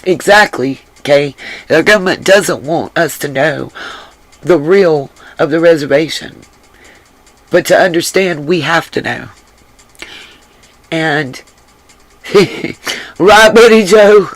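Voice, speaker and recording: Woman livestream host, gravelly voice rough from crying, earnest, repeats herself, dry close sound. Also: deep voice, slow pace, long pauses, dry recording, rough recording. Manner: earnest and emphatic, repeats phrases. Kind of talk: casual livestream talk, reading the chat.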